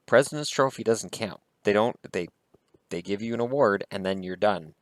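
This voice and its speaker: A man's voice: on the low side, moderate pace, no echo. A man vlogging about hockey, talking in a heated, blunt and profane way. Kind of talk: casual opinion rant.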